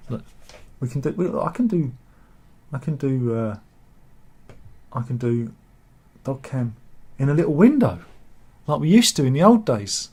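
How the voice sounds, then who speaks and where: A man's voice: medium pitch, animated, a little slow, pauses often, warm tone, breathy edge. Man, casual chat show host, reads viewer comments, rambling, jokey asides.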